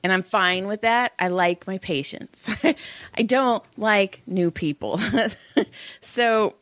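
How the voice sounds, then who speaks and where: Animated swearing woman telling a story. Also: mid-range voice, slow, no room sound. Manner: animated storyteller, swears freely, acts out quotes. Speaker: podcast co-host. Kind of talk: casual chat.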